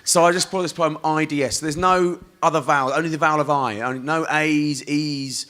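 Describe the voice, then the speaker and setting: A man's voice: fairly high pitch, fairly even intonation, fairly quick, sharp tone. Wry poet man from Essex. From Essex, England. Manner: rhythmic, chanting recitation and wry, rambling asides. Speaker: performance poet. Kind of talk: poetry reading and stage banter. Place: festival stage.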